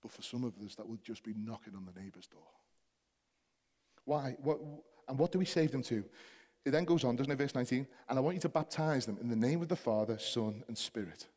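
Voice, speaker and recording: A man's voice: medium pitch, expressive, fairly quick, a little mellow, big-room sound. A man with a Liverpool accent preaching a sermon to his church, building to emphatic, passionate exhortation. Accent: Liverpool (Scouse). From Liverpool, England. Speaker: pastor. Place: church hall.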